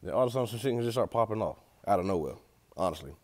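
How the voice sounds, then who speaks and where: Young guy vlogging, low voice, slangy and cussing a lot, just talking to the camera. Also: lively intonation, rapid-fire. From Atlanta, USA. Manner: loose, slangy and profane, talks straight to viewers. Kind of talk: casual rambling vlog.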